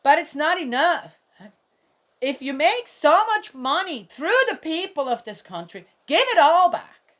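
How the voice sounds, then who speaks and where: A woman's voice: sits high, expressive, measured pace, a bit bright. Indignant rambling woman commenting on scripture. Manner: indignant, rambling, talks to viewers directly. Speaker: bible reading vlogger.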